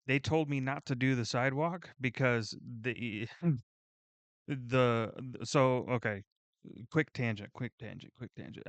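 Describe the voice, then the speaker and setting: A man hosting a reaction video, chatting casually in a rambling, excitable way and swearing freely. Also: mid-range voice, dry recording.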